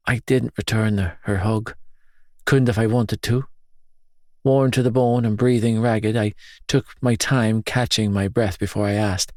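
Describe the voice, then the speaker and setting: A man narrating a first-person audiobook in a grave, measured, intense manner. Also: fairly low pitch, flat delivery, a little mellow, no room sound, studio quality.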